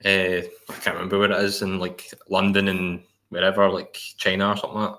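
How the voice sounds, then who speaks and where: A man co-hosting a podcast, chatting in a relaxed and joking way. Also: deep voice, a little fast. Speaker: podcast co-host. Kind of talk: casual chat.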